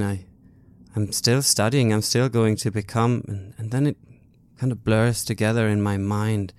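Stammering, low-voiced player man. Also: darkish tone, smooth, no echo. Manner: stammering, hesitant, emotional. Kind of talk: in-character role-play.

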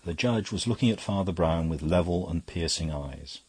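A man narrating a classic story in an even, unhurried reading. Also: low-pitched, slightly rough, no echo. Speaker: audiobook narrator. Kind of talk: scripted narration.

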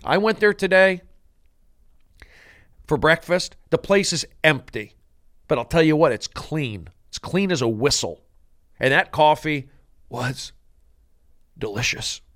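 A man's voice: fairly high pitch, expressive, a little slow, long pauses, a bit bright, no echo, studio quality. Man, comedian, podcast host, comedic monologue, rambling, mock-grandiose.

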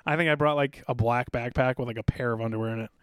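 A middle-aged man telling rambling, animated army stories in a casual podcast chat, now and then acting out drill sergeants. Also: medium pitch, fast talker, clear, resonant tone, no room sound, clean studio sound. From South Dakota, USA. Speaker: podcast guest, military veteran.

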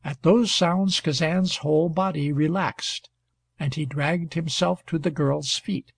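Gravelly male audiobook narrator. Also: on the high side, dry recording. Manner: steady, measured storytelling. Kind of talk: scripted narration.

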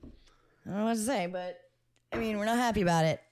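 A woman's voice: medium pitch, fairly quick, darkish tone. A woman co-hosting a casual podcast chat, talking candidly with slang and emphatic repetition. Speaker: podcast co-host.

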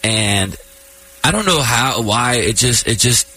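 A man's voice: mid-range voice, animated, slow, bright, forceful tone, low-quality recording. A man in his thirties, a radio host, telling a personal story in casual chat, choking up and laughing through tears.

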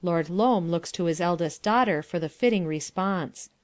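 A woman reads stage directions in an even, matter-of-fact way. Her voice is on the low side. The sound is dry and close. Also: moderate pace, no echo. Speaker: narrator reading stage directions. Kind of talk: plain audiobook reading.

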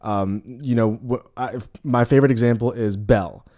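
A man's voice: mid-range voice, normal speed, mellow. A man hosting a casual podcast, rambling with lots of fillers and restarts. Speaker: podcast host. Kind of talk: casual chat.

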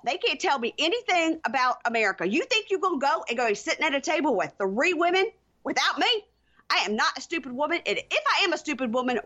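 A woman voicing a brash, indignant older woman who rants and curses loudly. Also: high voice, highs cut off, pitched above the performer's own voice, heavily acted. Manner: loud, cursing, indignant ranting.

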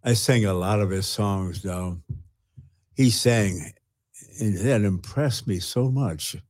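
An older man, a retired pastor, earnestly telling his personal testimony with halting restarts. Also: lowish voice, a little mellow.

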